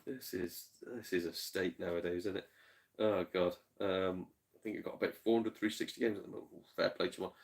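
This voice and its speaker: Live on stream, a man with a low, steady voice talks fairly quickly as he reads chat and spins stories. A bit tipsy, he keeps it casual and chatty, cursing freely and laughing a lot.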